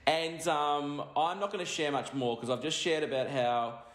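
An Australian man preaching a sermon in an animated, joking way, quizzing his congregation. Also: fairly high pitch, normal speed, noisy background. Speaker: pastor.

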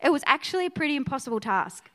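A woman pastor preaching a sermon to her church, energetic and conversational, often checking in with her listeners. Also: sits high, racing. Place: church auditorium.

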